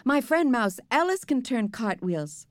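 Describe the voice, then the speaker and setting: A woman's voice: a little high, lively intonation, moderate pace, no room sound, lightly acted. A woman voicing a bossy, dramatic young girl who gushes and scolds. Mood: gushing. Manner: gushing and bossy.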